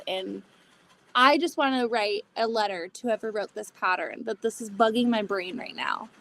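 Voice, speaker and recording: A woman's voice: fairly high pitch, a bit bright. Chatty woman thinking aloud while sewing. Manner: chatty, thinks aloud, talks to viewers while cutting fabric. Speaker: livestream host. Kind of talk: casual sewing livestream chat.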